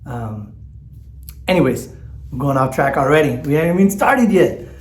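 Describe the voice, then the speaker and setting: A man's voice: on the high side, big pitch swings, normal speed, a little mellow, reverberant. A man talks candidly in a personal vlog, teary and rambling, with lots of fillers and restarts. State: teary, choked up. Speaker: vlogger. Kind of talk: emotional personal vlog talk.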